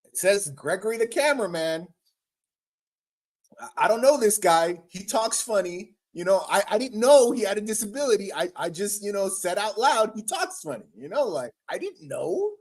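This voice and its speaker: A man's voice: high-pitched, big pitch swings, normal speed. A man hosting a livestream, ranting in a profane, exasperated way with frequent stammers. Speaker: livestream host. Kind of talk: casual livestream rant.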